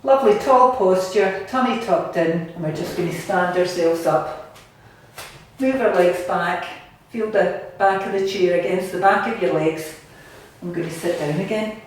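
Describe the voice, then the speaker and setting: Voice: mid-range voice, unhurried, slight background noise. Cheery Scottish exercise coach, a touch out of breath, recorded from across a bare echoey bathroom. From Scotland. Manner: cheery, encouraging, chatty. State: slightly out of breath. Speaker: fitness instructor. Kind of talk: guided home exercise class. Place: bathroom at home. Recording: echoey room, mic at a distance.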